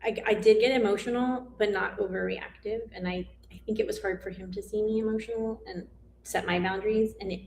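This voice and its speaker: Woman, life coach, mother, gravelly vocal fry, rambling reflective chat, echoey room. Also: medium pitch, steady tone, a little fast, slight background noise. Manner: rambling, reflective, trails off and restarts. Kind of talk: casual reflective live-stream chat. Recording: roomy echo.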